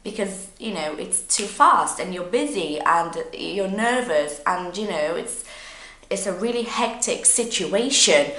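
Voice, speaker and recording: Animated woman teacher, lively pitch, roomy echo. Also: a little slow. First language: Portuguese. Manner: animated, acts out nervous learner in little scenes. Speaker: English teacher. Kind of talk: casual spoken lesson with acted examples.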